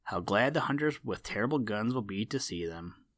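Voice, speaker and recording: A sly, sharp-eyed crow who loves to tease, speaking with mock kindness and a chuckle in the words, as a male storybook reader puts him on. The voice sits fairly low, and the recording is dry and close. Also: lively intonation, moderate pace, no room sound, natural voice.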